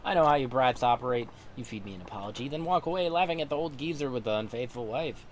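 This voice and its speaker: A man voicing a bullying old samurai thug with a gruff, sneering way of talking. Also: mid-range voice, expressive, fast, slight background noise, lightly acted. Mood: scolding.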